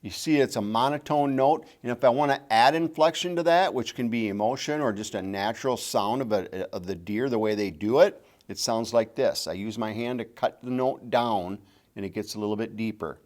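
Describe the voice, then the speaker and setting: Speaking at normal speed with a medium pitch and darkish tone, this middle-aged man teaches how to use game calls. His demonstration is patient, and he keeps coming back to the key points.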